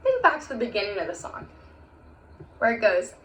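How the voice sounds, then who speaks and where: A woman's voice: a little high, huge pitch swings, moderate pace. A young woman teaching a recorded music lesson to children, chanting rhymes in an encouraging, sing-song voice. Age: young adult. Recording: echoey room with faint hiss.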